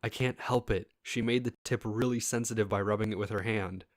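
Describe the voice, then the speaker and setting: A man with a fairly low voice reads a first-person story aloud in an easy, casual way. He breaks off now and then to talk straight to his listeners. The sound is dry and close, with no room echo. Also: steady tone, fairly quick. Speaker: story reader.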